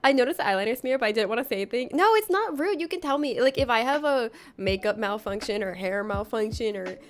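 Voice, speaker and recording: A woman's voice: a little high, expressive, fast. Keep it loose: a woman chatting with her chat mid-game, lots of "like", breaking into laughs. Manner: giggly, rambling, lots of "like". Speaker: livestreamer. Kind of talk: casual chat with viewers.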